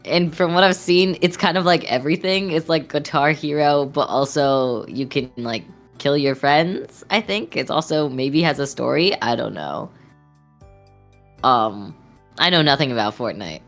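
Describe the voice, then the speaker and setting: A woman's voice: low voice, animated, measured pace, faint music behind. A young woman streamer chatting casually while drawing, rambling and giggly with lots of fillers.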